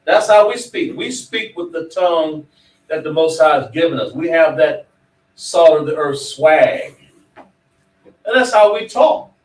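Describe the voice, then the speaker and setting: A man's voice: fairly high pitch, expressive, measured pace, a little mellow. A man teaching a class, preaching emphatically and quizzing his students. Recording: echoey room, mic far off.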